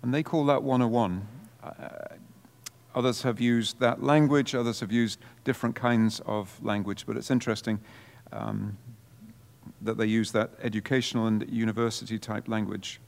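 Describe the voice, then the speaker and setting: A man, a parish priest, giving an informal workshop presentation in a conversational way, with relaxed asides. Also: lowish voice, moderate pace, creaky, big-room sound.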